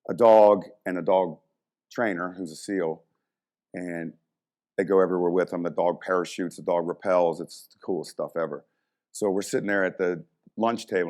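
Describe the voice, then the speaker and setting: A middle-aged man, a strength coach and motivational speaker, telling stories in a casual, animated way, swearing freely and saying "you know" a lot. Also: sits low. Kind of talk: casual storytelling talk.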